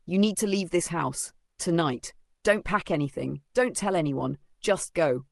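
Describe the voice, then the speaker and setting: A man's voice: a little high, lively intonation, a little slow, creaky, dry recording, studio quality. A man voicing an older woman, a loyal family maid, pleading urgently in a narrated story. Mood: urgent, fearful.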